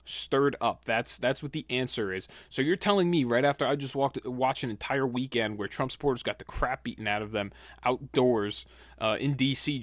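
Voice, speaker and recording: A man's voice: medium pitch, dry recording, clean studio sound. A man hosting a podcast, giving heated, indignant opinion commentary. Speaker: podcast host.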